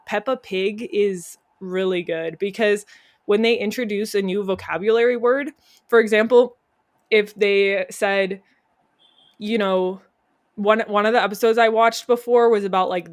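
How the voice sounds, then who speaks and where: A woman's voice: mid-range voice, fairly even intonation, unhurried. A young adult woman chatting as a podcast guest, telling stories and laughing often. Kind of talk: casual chat.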